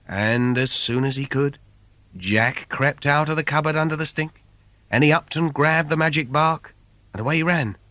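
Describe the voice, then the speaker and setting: A man's voice: a little high, moderate pace, bright, forceful tone, dry recording. A man reading a comic fairy tale for children in a playful, sing-song storyteller manner. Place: recording studio. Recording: dry studio recording.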